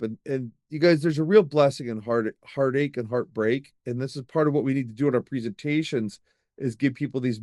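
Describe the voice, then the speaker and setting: A middle-aged man, a podcast guest, telling long personal stories in a lively, rambling way, with many fillers and restarts. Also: mid-range voice, dry recording, studio quality. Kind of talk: storytelling in an interview.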